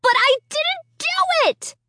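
A woman voicing a frantic young girl who has been wrongly accused, her voice high and wailing. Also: animated, slow pace, pushed and bright, no room sound, clean studio sound, heavily acted.

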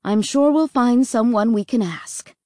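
A woman voicing a mother who speaks softly and coaxingly to calm her family. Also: on the high side, measured pace, no echo, studio quality, close to an everyday voice. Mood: soothing. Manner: soft, coaxing.

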